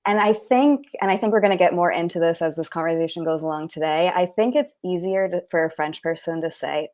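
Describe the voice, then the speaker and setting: A woman from Rhode Island co-hosting a casual live chat, relaxed and quick to laugh. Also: fairly low pitch. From Rhode Island, United States. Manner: relaxed, laughs often, many fillers. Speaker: co-host.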